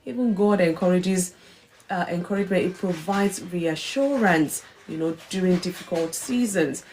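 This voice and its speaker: Mellow-voiced woman giving an earnest devotional talk. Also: lowish voice, moderate pace, a little hiss or hum. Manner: earnest and emphatic, repeats key phrases, acts out quoted remarks. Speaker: host of a faith encouragement livestream.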